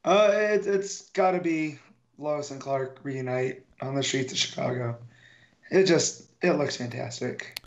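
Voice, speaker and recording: A man's voice: mid-range voice, measured pace, lo-fi sound. A man co-hosting a casual podcast chat in a laid-back, chuckling way. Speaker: podcast co-host.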